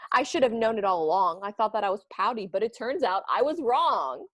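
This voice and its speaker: A woman's voice: medium pitch, very animated, brisk, a bit bright, no echo. A woman voicing a glum, pouty storybook fish. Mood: delighted. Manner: sing-song rhyming, drawn out. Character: gloomy male cartoon fish, glum and pouty.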